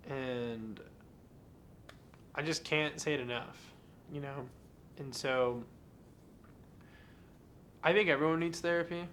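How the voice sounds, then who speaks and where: A man's voice: a little high, slow pace, pauses often, a bit bright, a little hiss or hum. A young adult man hosting a podcast, talking in an earnest, candid and confessional way in a casual monologue. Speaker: podcast host.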